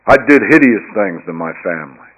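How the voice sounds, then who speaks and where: A man giving a personal testimony talk at a recovery meeting, earnest and storytelling, dropping to a hush and then rising to emphatic, louder passages. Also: on the low side, lively intonation, a little fast. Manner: earnest storytelling that swings between hushed and loud, emphatic passages. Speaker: speaker sharing his recovery story at a recovery meeting. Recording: dull lo-fi recording.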